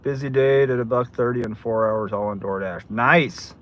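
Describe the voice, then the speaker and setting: A man's voice: medium pitch, normal speed. Chatty older man streaming from his car. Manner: chatty, greets viewers by name. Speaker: delivery driver livestreaming. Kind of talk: casual livestream chat.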